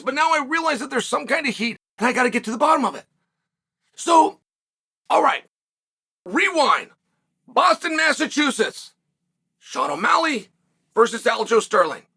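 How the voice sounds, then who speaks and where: A man's voice: extremely high pitch, bright, forceful tone, husky. A man hosting a solo sports commentary show, talking emphatically, asking rhetorical questions and sometimes raising his voice. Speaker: combat sports commentator host.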